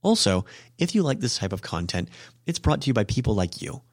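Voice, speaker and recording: A man's voice: on the low side, big pitch swings, a little fast, dry recording, studio quality. A man hosting a podcast language lesson, explaining Japanese grammar casually with frequent ums and self-corrections. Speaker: host and Japanese teacher.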